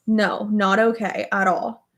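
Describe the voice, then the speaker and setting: A woman's voice: mid-range voice, level tone, slow pace. Chatty young woman rambling over makeup. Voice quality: filler-heavy, frequent "like", swears casually. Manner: emotional, tearful at times, laughs often. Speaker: beauty vlogger. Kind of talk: casual chat while doing makeup.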